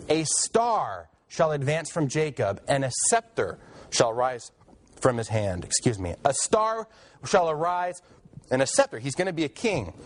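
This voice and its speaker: A man teaching a Bible lesson in a casual, conversational way, with joking asides and quick restarts. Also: fairly high pitch. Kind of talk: casual classroom lecture.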